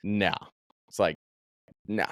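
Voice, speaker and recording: A man hosting a podcast, telling a story in an animated, profane, casual way. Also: low-pitched, slow, no echo, studio quality. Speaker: podcast host.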